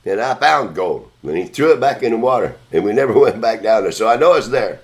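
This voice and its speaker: A man's voice: lowish voice, lively intonation, fairly quick. A man hosting a podcast, telling a long story in a casual, rambling, profane way. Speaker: podcast host.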